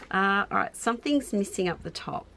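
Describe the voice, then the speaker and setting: Unhurried Australian crafter, middle-aged, gravelly tone, chatty and self-amused as she thinks aloud. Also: medium pitch, fairly bright tone, a little hiss or hum. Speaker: craft YouTuber. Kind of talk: casual crafting narration.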